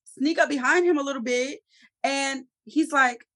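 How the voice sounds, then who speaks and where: A woman's voice: sits high, moderate pace, fairly bright tone. Slangy woman recapping a TV episode. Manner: slangy, profane storytelling with acted-out quotes. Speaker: TV show reviewer.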